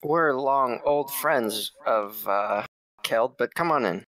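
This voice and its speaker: A man's voice: medium pitch, slow, fairly bright tone. A man voicing a cocky male halfling adventurer with a teasing manner. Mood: friendly.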